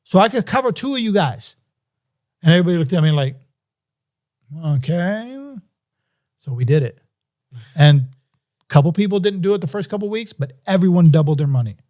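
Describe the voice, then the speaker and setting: Male podcast guest, warm and relaxed tone, slightly high pitch, animated storyteller. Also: a little fast, long pauses. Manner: animated, acts out quoted voices. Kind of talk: casual storytelling.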